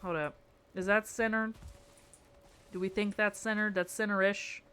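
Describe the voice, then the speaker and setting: A woman's voice: mid-range voice, fairly even intonation, normal speed, pushed and bright, clear, resonant tone. A woman streamer chatting casually with her viewers and talking to herself as she builds in a game, playful and rambling. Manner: chatty, talks to herself and chat, playful muttering.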